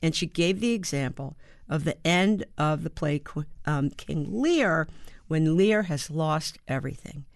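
A woman in her seventies, an actor and playwright from the United States, telling stories in an interview with halting starts and rhythmic emphasis. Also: low voice, animated, gravelly, no echo, clean studio sound. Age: 70s. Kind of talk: conversational interview.

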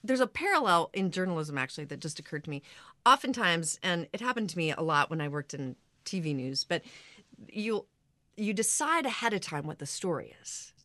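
Relaxed woman hosting an interview. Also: on the low side, a little fast, no room sound, clean studio sound. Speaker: host. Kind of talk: conversational interview.

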